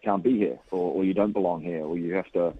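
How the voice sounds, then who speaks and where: Low-voiced New man on a phone line. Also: fast. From New Zealand. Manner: relaxed, many fillers and restarts. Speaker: radio guest, sports coach. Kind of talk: phone interview.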